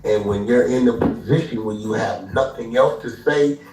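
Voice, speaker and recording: A man's voice: mid-range voice, moderate pace, warm tone. A man delivering a confrontational, slang-heavy rant, taunting someone and mimicking other people's lines along the way. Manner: taunting, acts out others' lines in mock voices. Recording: roomy distant audio with music behind.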